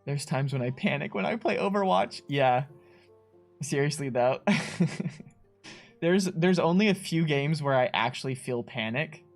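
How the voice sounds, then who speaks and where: Faint music plays behind a slightly high-voiced man who co-hosts a game studio livestream, speaking unhurriedly with long pauses. Chatty and quick to laugh, he reads out viewer messages and livens up when imitating players.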